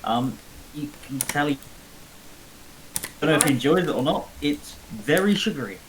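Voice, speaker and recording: A man narrating as dungeon master in a casual game on a voice call, relaxed and swearing now and then. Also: a little high, normal speed, background noise. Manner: laid-back, laughing, swears casually.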